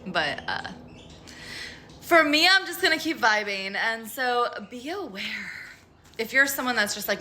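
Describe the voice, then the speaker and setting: A woman's voice: on the high side, expressive, unhurried, bright, forceful tone, slight background noise. A woman talking casually to camera about spirituality, frank and profane, rambling with lots of "like.". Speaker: spiritual tarot vlogger.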